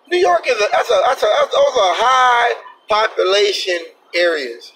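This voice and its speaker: A man's voice: very high-pitched, expressive, moderate pace, bright, forceful tone, distant mic, slight background noise, rough recording. A man vlogging an indignant, emphatic opinion rant with plenty of profanity. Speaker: vlogger, truck driver.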